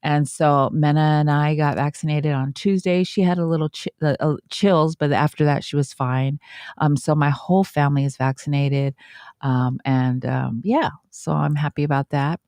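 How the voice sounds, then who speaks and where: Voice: medium pitch, steady tone, normal speed, darkish tone, dry recording, studio quality. A podcast co-host in casual chat, talking frankly and laughing easily.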